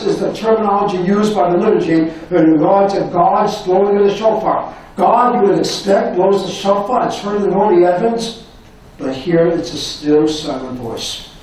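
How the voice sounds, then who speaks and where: Recorded from afar in an echoey university lecture hall with a little hiss or hum, a male professor delivers a dramatic public lecture. His high, darkish voice is impassioned and full of rhetorical questions, dropping almost to a whisper at emotional points.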